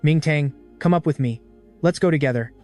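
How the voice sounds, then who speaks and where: A man's voice: fairly high pitch, fairly quick, darkish tone, soft background music, lightly acted. A man voicing a frail, frightened old noble mother. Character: frail, fearful older noble mother-in-law, kind.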